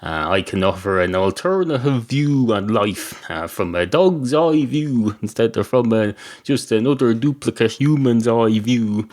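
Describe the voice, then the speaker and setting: A man's voice: medium pitch, expressive, measured pace, a little mellow, lightly acted. An Irish man voicing a chatty, matter-of-fact male guide dog in a spoken joke. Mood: dry.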